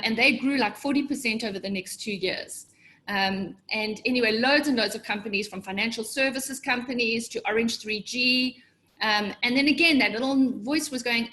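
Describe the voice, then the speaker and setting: A middle-aged woman with a fairly high voice coaches a webinar audience. She talks in an animated way and jumps up in pitch whenever she acts out the voices in her head. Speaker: business coach. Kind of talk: motivational webinar presentation.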